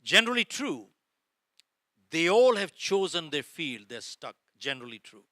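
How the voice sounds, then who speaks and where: A middle-aged man speaks to a live audience in a bright, sharp voice with a wide, swinging pitch, telling his story with drama and playing every part himself. His voice sits a little high for a man. The sound is dry and close, with little room echo. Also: very animated, normal speed. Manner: dramatic, addresses audience as folks, acts out dialogue. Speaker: motivational speaker. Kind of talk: motivational keynote storytelling. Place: lecture hall before a live audience.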